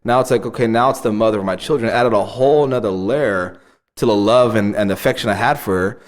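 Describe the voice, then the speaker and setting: A man's voice: on the low side, fast. A man in his thirties, a podcast co-host, telling family stories in casual chat and laughing often. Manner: animated storytelling, laughs often.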